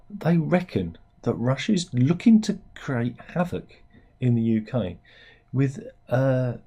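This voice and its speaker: Husky British man joking through news. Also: mid-range voice, dark tone. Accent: British English. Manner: rambling, jokey asides. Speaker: host. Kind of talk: satirical news commentary.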